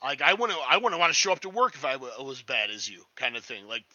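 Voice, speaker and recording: A man's voice: mid-range voice, big pitch swings, quick pace, bright, forceful tone, no room sound, muffled recording. A man chatting casually as a restaurant line cook, rambling, swearing a lot and sounding cocky. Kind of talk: casual podcast chat.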